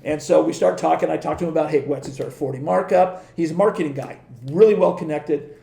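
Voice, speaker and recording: Gravelly middle-aged man telling stories. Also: fairly high pitch, fast, warm tone, roomy sound. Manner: rambling, with many restarts and acted-out quotes. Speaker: guest, former pro surfer and surf industry rep. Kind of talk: casual storytelling.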